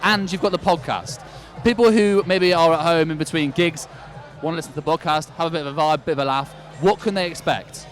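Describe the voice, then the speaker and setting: A male vlog presenter asks chatty, upbeat questions in a casual interview. His voice sits fairly high, and faint music drifts in while he stands outside a city venue. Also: fairly quick.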